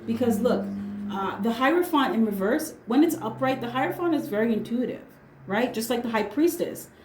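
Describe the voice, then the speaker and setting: A woman with a fairly high voice does a casual tarot reading, talking bluntly in slang and swearing without a second thought. She drives each point home with a quick "right?" or "okay?". The sound is roomy, with a noticeable echo off the walls. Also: animated, music in the background. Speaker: tarot reader.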